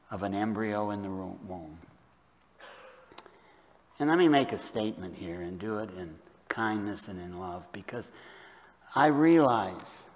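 A man with a Midwestern American accent preaching a sermon as pastor, moving between lively storytelling and quiet, earnest emphasis. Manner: storytelling, swings from loud animated retelling to low quiet emphasis. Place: church sanctuary. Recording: long church hall reverb.

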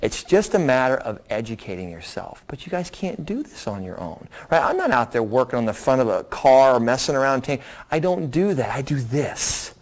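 A man's voice: medium pitch, normal speed. Folksy man explaining at a seminar. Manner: lively, folksy explanations with acted-out quotes. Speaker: doctor presenting a weight loss program. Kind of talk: seminar talk answering audience questions.

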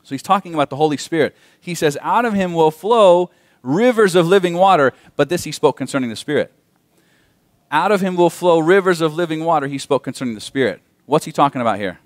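A man pastor preaching a sermon in church, animated and asking the congregation questions. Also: a little high, fast talker, no room sound, studio quality. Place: church sanctuary.

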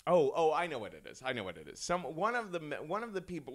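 A man's voice: fairly high pitch, fast talker, few pauses. A man, a comedian guest on a podcast, telling a story casually with lots of restarts, laughs and swearing. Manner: animated, restarts a lot, swears, laughs often.

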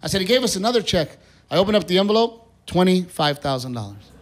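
A man performing a stand-up comedy set on stage, telling a story in an animated way and acting out the voices of the people in it. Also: high-pitched, fast. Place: comedy theater stage with live audience. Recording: live stage recording with crowd noise. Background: audience laughter and applause.

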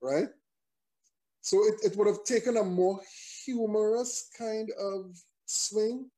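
A man, a songwriter and performer, telling a story in a relaxed conversational interview, often restarting his phrases as he thinks. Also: sits high, slow.

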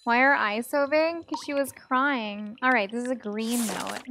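Slow-talking, jumpy woman gaming streamer. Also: a little high, gravelly, bright, forceful tone, a little hiss or hum. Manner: jumpy, swears and laughs at scares. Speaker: let's play streamer. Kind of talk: casual gameplay commentary.

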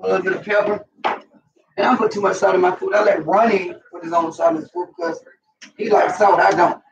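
Quick-paced and creaky, with a high pitch and fairly even intonation, a middle-aged Southerner demonstrates cooking at home for his vlog. He curses casually and speaks straight to viewers, recorded on a roomy, dull, distant mic with faint noise.

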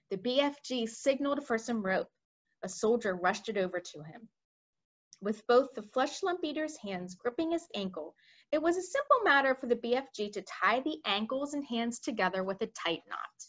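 A woman reading a children's book aloud for a library, telling the story in a lively way with asides to listeners. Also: fairly high pitch, moderate pace. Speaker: library read-aloud reader. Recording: dull lo-fi recording.

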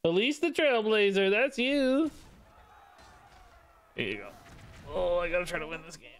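A man's voice: lively intonation, measured pace, pauses often, a bit bright. A man streaming a card game live, chatting casually and cooing in baby talk between his commentary on the game. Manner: bouncy, sing-song pitch jumps.

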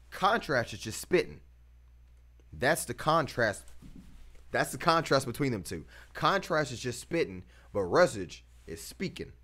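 A man's voice: mid-range voice, slightly rough. A man hosting a reaction video, talking casually in slang and pressing his points with emphasis. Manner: animated, emphatic, slangy, laughs between points.

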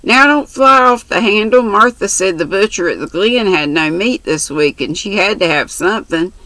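A woman's voice: mid-range voice, animated, moderate pace, pushed and bright, no room sound, pitched above the performer's own voice, rough recording. A woman voicing a brash, chatty country orphan girl who talks in bossy, boastful slang.

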